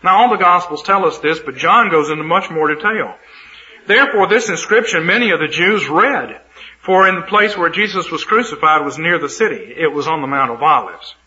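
Bright-voiced male preacher on old radio. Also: on the high side, lively intonation, fairly quick, lo-fi sound. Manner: emphatic, dramatic retelling of scripture. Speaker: Bible teacher. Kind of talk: sermon reading scripture with commentary.

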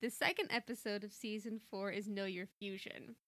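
Bright-voiced young woman chatting enthusiastically. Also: medium pitch, steady tone, normal speed, dry recording. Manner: enthusiastic, chatty, laughs often. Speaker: podcast co-host. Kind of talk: casual chat about a cartoon episode.

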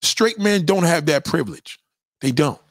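Answering questions from viewers on a livestream, this middle-aged man delivers a crude, casual rant at a moderate pace. The studio-quality audio has no echo, and he is blunt, profane and animated, with pitch that swings up and down.

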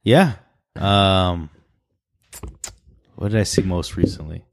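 A young man chatting on a podcast with a lively voice that rises and falls a lot. He swears freely and laughs his way through his stories. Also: low voice, slow. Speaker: podcast co-host. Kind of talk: casual chat.

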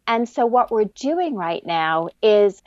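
A woman's voice: medium pitch, sing-song, slow, dry recording, lo-fi sound. A businesswoman guest answering interview questions earnestly, telling stories and acting out quotes. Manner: earnest, storytelling, acts out quotes.

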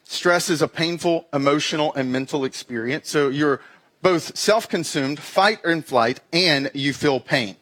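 A middle-aged man delivers a sermon in a notably high voice. He keeps it conversational and self-deprecating, slipping into acted-out asides as he tells stories. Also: measured pace, a bit bright. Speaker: pastor.

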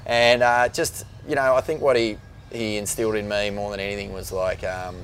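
A middle-aged Australian man, a magazine editor, telling stories in a rambling, animated way on a casual podcast. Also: on the low side, moderate pace. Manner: animated storyteller, rambling with fillers. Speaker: guest, surf magazine editor.

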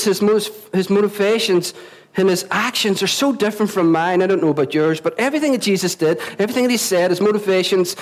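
A man's voice: sits high, low-quality recording. A Northern Irish man preaching a sermon as pastor, chatty, often questioning the congregation and repeating himself. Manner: conversational, asks the congregation questions, repeats words. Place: church venue before a congregation.

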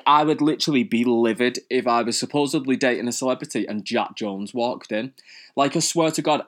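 A young man hosting a comic rant to camera, camp, theatrical and full of swearing. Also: mid-range voice. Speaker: host.

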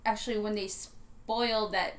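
A woman's voice: medium pitch, fairly even intonation, moderate pace. A woman chatting casually as a podcast co-host, chatty and enthusiastic. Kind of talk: casual chat.

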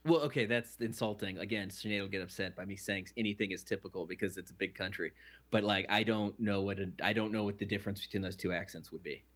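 A man with a somewhat low voice talks through a casual podcast conversation. He rambles, circles back and restarts his thoughts as he goes. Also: fast talker, fairly bright tone. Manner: rambling, self-correcting, chatty. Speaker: podcast co-host. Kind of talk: casual chat.

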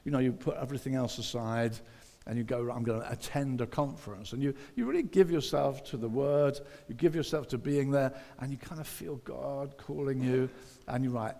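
Man, pastor, conversational sermon, mid-pitched, echoing hall. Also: normal speed, vocal fry, warm tone. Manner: conversational, acts out inner thoughts. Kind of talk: sermon with prayer. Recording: reverberant church hall.

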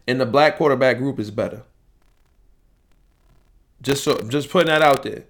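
A man's voice: medium pitch, moderate pace, pauses often. A man hosting a sports podcast in a casual, rambling way, speaking, swearing and repeating himself as he talks. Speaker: podcast host.

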